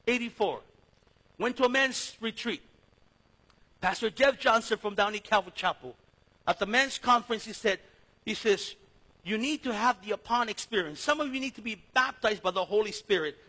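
A pastor, preaching a storytelling sermon that swings between loud and hushed. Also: male voice, high-pitched, normal speed, poor audio. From East Los Angeles.

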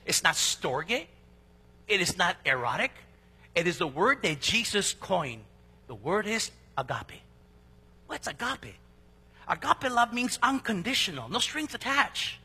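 Male pastor, high lively delivery, bright husky tone, preaching sermon-style. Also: unhurried, big-room sound. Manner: animated preaching with sudden loud and soft swings.

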